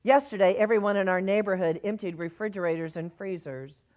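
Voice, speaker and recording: A middle-aged woman minister delivers an earnest sermon at a medium pitch. She reads messages aloud and softly repeats reassuring phrases. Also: brisk.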